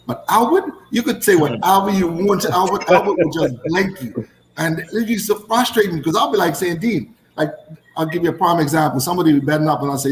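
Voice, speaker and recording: A man who used to play cricket, telling animated stories in casual chat and repeating phrases for emphasis. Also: on the high side, a little fast, reverberant, slight background noise, poor audio. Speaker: former cricketer.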